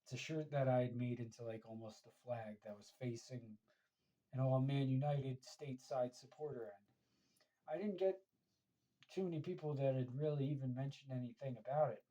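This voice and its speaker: A man's voice: medium pitch, normal speed, dark tone, rough recording. An American man telling a casual, rambling story about a match, with many fillers and restarts. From United States. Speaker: fan podcaster.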